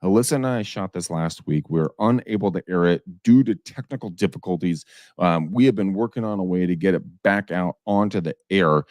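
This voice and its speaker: A man's voice: low-pitched, fairly quick, darkish tone, no echo, clean studio sound. A man hosting a show, introducing his guest and co-host in an effusive, hyping way. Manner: hyping and effusive, with upbeat hollers.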